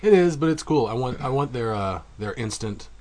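A man's voice: medium pitch, expressive, fairly quick, a little mellow. A man co-hosting a casual podcast, laid-back and enthusiastic, laughing easily.

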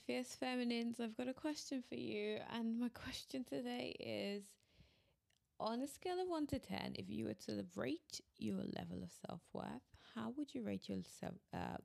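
A woman's voice: a little high, animated, a little slow, vocal fry, a little mellow. A woman in her thirties hosting her own podcast, talking candidly and laughing between phrases while she admits she is irritated. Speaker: podcast host. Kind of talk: casual solo podcast talk.

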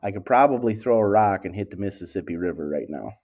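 Laid-back Wisconsin man, mellow voice. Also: deep voice, expressive, fast. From Wisconsin, United States. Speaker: HVAC business owner, guest. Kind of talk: casual interview.

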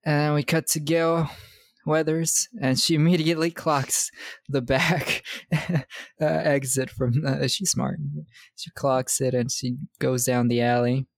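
Young man with a gravelly creak. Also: fairly high pitch, fairly even intonation, slow, no room sound. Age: 20s. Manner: loose and profane, laughs often, slangy. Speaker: podcast co-host recapping a film. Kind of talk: casual movie recap chat.

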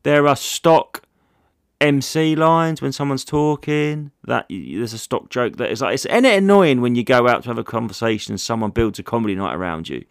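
A man's voice: medium pitch, expressive, moderate pace, clear, resonant tone, no room sound, clean studio sound. A man, a comedian hosting a casual solo podcast, rambling through jokey stories with plenty of swearing.

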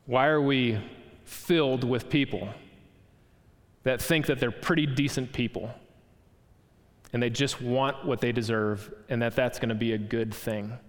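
A man's voice: mid-range voice, a little slow, pauses often. A man preaching a sermon, earnest, posing rhetorical questions to the congregation. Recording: long hall reverb.

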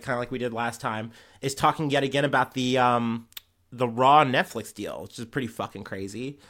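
Heated and often profane, this male podcast host rambles his way through news stories in casual commentary. His voice sits at medium pitch with a bit of brightness.

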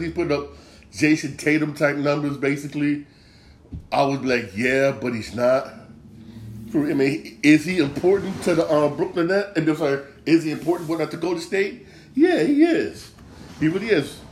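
A man's voice: medium pitch, a little mellow. A man hosting a sports podcast, ranting heatedly with a lot of swearing and repetition.

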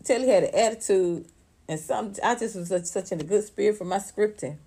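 A woman gives loose, animated celebrity gossip commentary. Her voice is mellow and a little husky. She swears freely. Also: medium pitch, fairly quick. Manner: animated, profane, laughs often, acts out voices. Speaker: commentary channel host.

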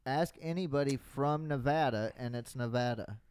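A man's voice: medium pitch, normal speed, a little mellow, clear, resonant tone, no echo. A man co-hosting a podcast, teasing and arguing in a stubborn, matter-of-fact way. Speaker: podcast co-host. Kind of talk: casual podcast banter.

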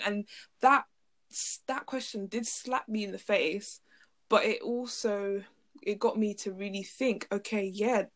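Affirming woman co-host, mid pitch. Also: steady tone, unhurried. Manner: warm affirming listener, laughs while talking. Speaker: podcast co-host. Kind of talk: casual faith discussion.

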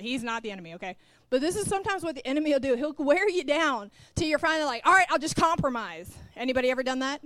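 A middle-aged woman preaches in a bright, fairly high voice and tells a personal story with animated delivery. She acts out both sides of each conversation and turns to ask the congregation questions. The sound is close and dry. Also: no room sound. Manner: animated, acts out quoted dialogue, talks straight to the congregation. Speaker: pastor's wife, preacher. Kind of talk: storytelling sermon.

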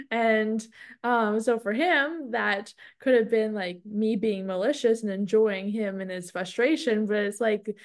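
A woman in her thirties co-hosting a podcast, telling a story with lots of fillers and frequent laughter. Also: mid-range voice. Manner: storytelling, animated, laughs often, many "like" fillers. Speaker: podcast co-host. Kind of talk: casual podcast chat.

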